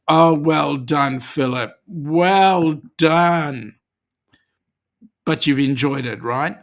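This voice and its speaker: A man's voice: fairly high pitch, extremely slow. A man with an Australian accent, originally from South Africa, hosting a livestream and chatting as he reads out viewer comments. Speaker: host. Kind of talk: livestream chat.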